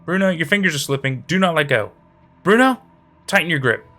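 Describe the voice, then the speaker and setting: A frightened young woman, read by a man, her pleas pitched up and swinging wildly between highs and lows. The voice is bright and gravelly with panic in a horror storybook reading. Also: lively intonation, a little fast, faint music behind. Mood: panicked. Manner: frantic, pleading.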